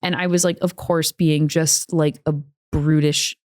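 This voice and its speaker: A woman with a lowish voice chats her way through a story on a podcast. She laughs often and slips into little voices for quoted lines. The sound is close and dry. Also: level tone, a little slow, a little mellow, dry recording. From United States. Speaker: podcast co-host. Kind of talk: casual podcast chat.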